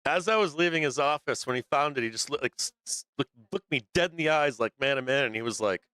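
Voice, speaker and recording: A man's voice: mid-range voice, fast talker, pushed and bright, clean tone, no room sound, clean studio sound. A man hosting a livestream about the stock market, rambling and swearing casually as he talks to viewers and laughs often. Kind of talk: casual profane market commentary.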